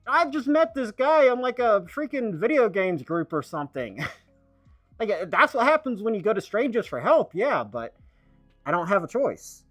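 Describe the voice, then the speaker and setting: A man streaming a casual monologue, rambling and halting, full of fillers and restarts. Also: high-pitched, big pitch swings, fairly bright tone, dry recording, soft background music.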